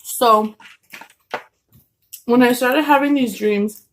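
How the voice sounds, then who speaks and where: A woman's voice: a little high, slow pace, slight background noise. Rambling woman telling a story at home. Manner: rambling with many fillers and restarts. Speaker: vlogger telling a story while eating. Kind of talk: casual storytelling.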